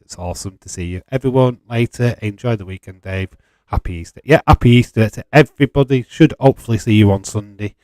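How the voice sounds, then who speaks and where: A man's voice: mid-range voice, fast, a little mellow, dry recording. A man with a Yorkshire accent hosting a casual live stream, chatting, reading out viewer comments and chuckling often. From England. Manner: chatty and laid-back, chuckling often, light swearing. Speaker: livestream host.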